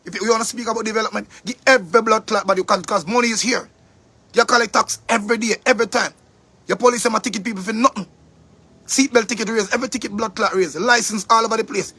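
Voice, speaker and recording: A man's voice: high-pitched, fairly even intonation, quick pace, pushed and bright, husky. A man with a Jamaican accent delivering an angry, profane monologue rant, repeating himself for emphasis. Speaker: commentator.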